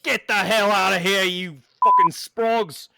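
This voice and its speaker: A man's voice: sits high, sing-song, normal speed, creaky, heavy background noise, pitched above the performer's own voice, exaggerated voice. A man voicing a short-tempered British pub bartender who swears at his customers. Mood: angry. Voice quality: cockney-style put-on British accent, swearing.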